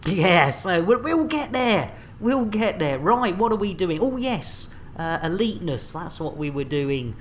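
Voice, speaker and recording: A woman streams a space game and chats with her audience in quick, jokey banter. Her voice sits at a middling pitch, and the talk stays loose and playful. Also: a little hiss or hum. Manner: chatty, jokey, fast banter with viewers. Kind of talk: live gameplay commentary.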